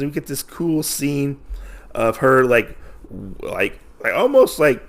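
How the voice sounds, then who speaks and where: A man's voice: mid-range voice, lively intonation, slow, creaky. A man hosting a podcast, casually recapping a comic issue in a rambling way, full of fillers and restarts. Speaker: podcast host.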